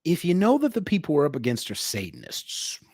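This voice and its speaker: A man's voice: huge pitch swings, fairly quick, breathy edge. Profane, swaggering young man ranting. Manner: jumps between shouting and low asides. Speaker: livestream host. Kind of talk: unscripted livestream rant.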